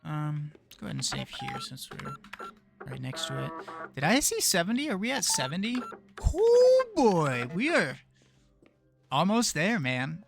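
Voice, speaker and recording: A man's voice: on the high side, huge pitch swings, moderate pace, creaky, over music. A young man casually commenting while playing a puzzle game, thinking aloud and muttering to himself. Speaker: gaming video creator. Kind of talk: casual let's play commentary.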